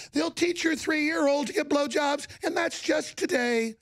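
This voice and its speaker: A man's voice: very high voice, expressive, measured pace, few pauses. A man hosting heated political commentary, ranting sarcastically. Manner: ranting, sarcastic, jumps between mock voices.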